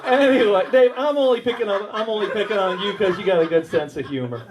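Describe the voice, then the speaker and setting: An American man does a stand-up comedy set in a warehouse, telling crude, rambling stories and teasing the audience as they laugh. His voice sits high and moves at a quick pace, and the recording is very noisy.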